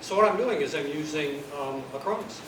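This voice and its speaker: A man's voice: on the high side, lively intonation, brisk, over a noisy crowd. A man at a user group meeting, talking in a rambling, hesitant way. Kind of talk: casual chat. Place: office meeting room. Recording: distant echoey room, background noise.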